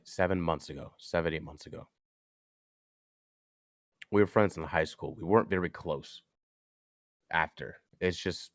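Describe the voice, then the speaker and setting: A young man on a podcast, telling a personal story earnestly, haltingly, with frequent restarts. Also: low voice, no room sound, studio quality. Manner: earnest, halting, with many restarts and "you know". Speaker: podcast guest.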